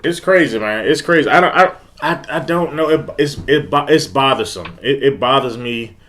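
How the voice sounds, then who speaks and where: A man's voice: medium pitch, lively intonation, normal speed, fairly bright tone. A man hosting a casual live-stream sports talk, repeating himself in frustrated, emphatic bursts. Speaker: host of a fan live stream.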